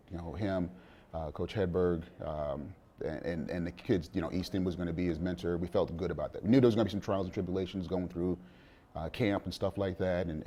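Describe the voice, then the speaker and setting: A middle-aged man with a very low, warm, mellow voice, talking as a guest in a casual sit-down interview. He speaks at an easy pace, full of fillers and restarts. Faint noise sits under the recording. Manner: relaxed, many fillers and restarts, chuckles. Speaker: interview guest, father of a college quarterback.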